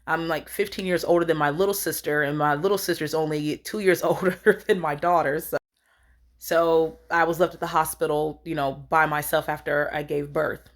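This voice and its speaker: A woman's voice: sits low, fairly even intonation, moderate pace. A woman in her thirties telling a personal story in a rambling, earnest way, acting out what each person said. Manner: rambling, earnest, acts out quoted lines. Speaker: storyteller vlogger. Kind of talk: casual storytime.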